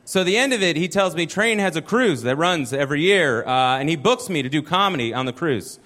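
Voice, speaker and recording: High-voiced guy doing stand-up, self-deprecating rambling story, live club stage. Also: expressive, a little fast, fairly bright tone. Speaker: stand-up comedian. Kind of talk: stand-up set.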